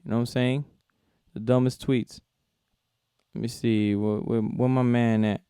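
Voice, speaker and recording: Profane ranting podcast host, smooth voice. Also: male voice, mid-range voice, little pitch movement, measured pace, warm tone, no room sound, studio quality. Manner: heated, profane, repeats himself. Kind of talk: solo sports podcast rant.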